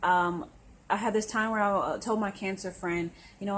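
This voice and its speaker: A young woman is speaking her mind in a blunt, sassy way. Her pitch is mid-range for a woman. She breaks into quick impressions of other people. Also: fairly even intonation, rough recording. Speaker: astrology vlogger. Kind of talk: casual opinionated monologue to camera.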